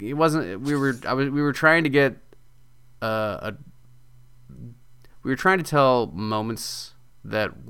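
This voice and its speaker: A man who writes video games, talking as a guest in a casual podcast interview, animated and jokey as he tells stories. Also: fairly low pitch, gravelly, clear, resonant tone.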